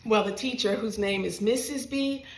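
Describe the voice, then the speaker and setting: A woman's voice: on the high side, moderate pace, reverberant. Sing-song woman reading aloud to kids. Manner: sing-song, playful, talks straight to little listeners. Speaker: children's book author reading aloud. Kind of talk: animated read-aloud for young children. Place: children's library.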